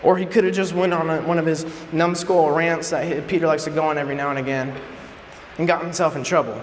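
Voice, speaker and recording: A man preaching a casual sermon in an animated, joking way, acting out scenes, in an echoey hall with faint background noise. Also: on the high side, quick pace. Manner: animated, joking, acts out quotes.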